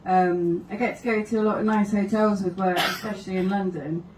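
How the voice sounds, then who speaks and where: A woman's voice: medium pitch, steady tone, a little fast, darkish tone, recorded from a distance. Wry woman comic on a roomy stage. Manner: wry, laughing through her anecdotes. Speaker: stand-up comedian. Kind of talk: stand-up storytelling. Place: live comedy venue.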